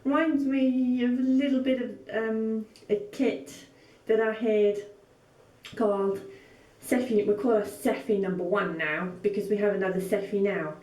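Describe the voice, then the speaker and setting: A woman's voice: mid-range voice, steady tone, measured pace, a little mellow, recorded from a distance. A woman sewing vlogger opening gifts on camera, gushing and full of exclamations. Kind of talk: casual vlog, opening gifts. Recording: echoey room, mic set back.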